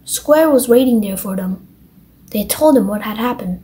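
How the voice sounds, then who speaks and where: A woman reading a children's picture book aloud as a bedtime story, gently and at a measured pace. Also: a little high, expressive.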